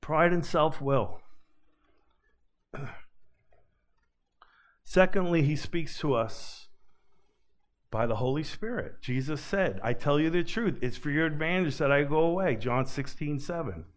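A man preaching a sermon as pastor, earnest and emphatic, rising to loud urgency and dropping to quiet pleading. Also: fairly high pitch, expressive, measured pace, long pauses.

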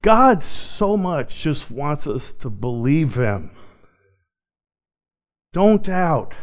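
High-voiced preaching man. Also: extremely slow. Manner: expressive preaching that swings from loud to hushed. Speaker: pastor. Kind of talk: sermon.

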